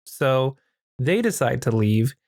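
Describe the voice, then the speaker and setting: A man casually recapping a horror film as a podcast host, joking and crude, tossing in quick put-on voices. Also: mid-range voice, sing-song, a little mellow, no echo, studio quality. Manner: crude, joking retelling with acted quotes.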